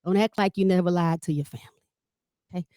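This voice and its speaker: A woman comedian and family caregiver leading a workshop, telling stories with humor and talking straight to her audience, often jumping up in pitch to act out what people said. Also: quick pace, no echo, studio quality. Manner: lively storyteller who addresses the audience directly; acts out quoted dialogue with big pitch jumps.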